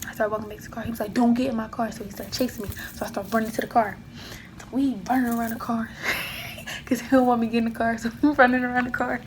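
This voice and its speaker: A young woman telling a personal story in a casual vlog, acting out both sides of the argument with lively emphasis. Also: fairly high pitch, racing, a little hiss or hum, rough recording. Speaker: vlogger.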